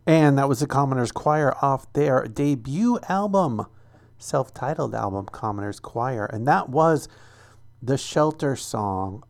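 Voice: mid-range voice, a little mellow. A radio show host talking casually between songs and reading a newspaper piece aloud, enthusiastic and earnest.

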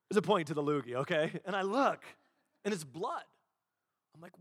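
A man preaching a sermon as a pastor, telling stories in an animated way and acting out the quotes. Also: sits high, normal speed, dry recording, clean studio sound, in a large hall. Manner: animated storytelling, acts out quotes.

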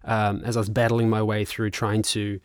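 A man in his thirties with a New Zealand accent, telling a long casual story as a podcast guest, animated, laughing and swearing freely. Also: on the low side, moderate pace, no room sound, clean studio sound. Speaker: guest musician and actor.

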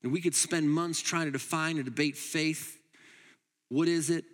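A man preaching a sermon as pastor, emphatic, moving between loud urging and quiet asides. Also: a little high, fairly even intonation, normal speed, big-room sound. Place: church hall.

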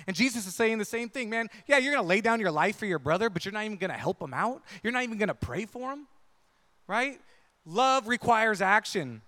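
A man's voice: sits high, lively intonation, a little fast, bright, forceful tone, big-room sound. A man preaching a conversational sermon, often checking in with the congregation. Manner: conversational, asks the crowd "right?" often. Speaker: pastor.

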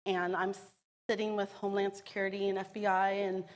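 A woman tells her own story in an earnest, emotional way. She talks about it at a middling pitch and brings it to life by acting out the voices of the people she quotes. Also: monotone, a little fast, long reverb tail. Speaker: storyteller sharing a personal testimony. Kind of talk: personal storytelling.

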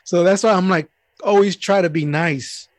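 A man's voice: high voice, moderate pace, dry recording, clean studio sound. A man telling a story in casual chat, swearing freely and acting out the voices of the people in it. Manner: profane, animated, acts out voices of people in his story. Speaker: mail carrier telling a story.

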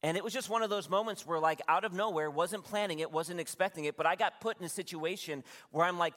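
Pastor telling a story in a reverberant hall. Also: male voice, sits high, quick pace, hardly any pauses, fairly bright tone. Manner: conversational, confiding, with restarts and asides to the congregation. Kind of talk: sermon storytelling. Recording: long reverb from a large room.

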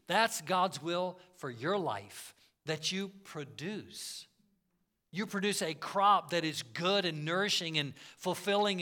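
Bright, high-voiced preaching man. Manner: earnest preaching, swings between loud emphasis and soft asides. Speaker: pastor. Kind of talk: sermon.

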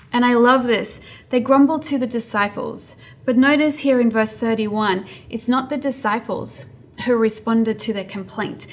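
A woman preaching a sermon in an earnest way, building her points through repetition. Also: a little high.

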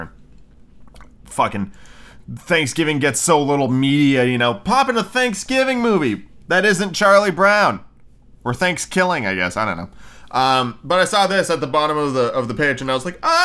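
Podcast host, male, bright tone, casual reader, swears freely. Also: medium pitch, clear, resonant tone. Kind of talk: casual storybook reading with profane commentary.

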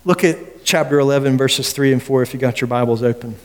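A man's voice: medium pitch, fairly quick. A man preaching an expository sermon with emphasis, often putting rhetorical questions to his listeners. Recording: long reverb of a large hall.

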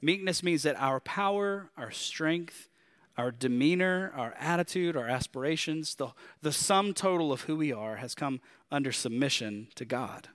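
Southern guy preaching, kinda high bright punchy voice, talks casual, lots of questions. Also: moderate pace. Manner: conversational and animated, with rhetorical questions. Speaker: pastor. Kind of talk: sermon.

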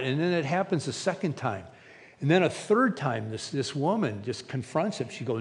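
A man's voice: medium pitch, lively intonation, moderate pace, in a large hall. A man preaching a Sunday sermon in a conversational way, acting out quoted lines and restarting his sentences. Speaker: pastor.

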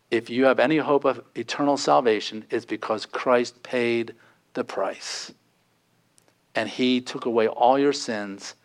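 Male pastor, mid-pitched voice, earnest pleading sermon delivery that rises for emphasis.

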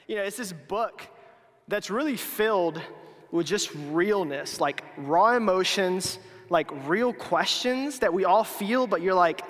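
A man's voice: sits high, expressive, moderate pace, a bit bright. A young man giving a casual youth sermon, chatty and full of restarts and filler words, poking fun at his own slips. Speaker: youth speaker. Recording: long hall reverb.

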